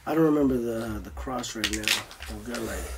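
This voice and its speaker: A man's voice: medium pitch, brisk, a crowd in the background. A young man telling a story in a loose, profane style, acting out his own voice as he goes. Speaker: guest. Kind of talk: casual storytelling.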